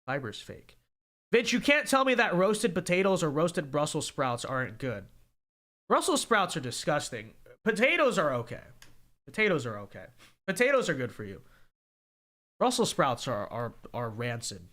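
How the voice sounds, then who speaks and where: Animated young man hosting a livestream. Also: on the high side, moderate pace. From California. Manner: emphatic, repeats points with "okay?". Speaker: livestream host reading viewer chat. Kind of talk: casual livestream commentary.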